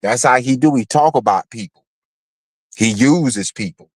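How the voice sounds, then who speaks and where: A man's voice: medium pitch, unhurried, slightly rough, no echo. A man on a livestream in heated, profane chat, bluntly calling out a rival.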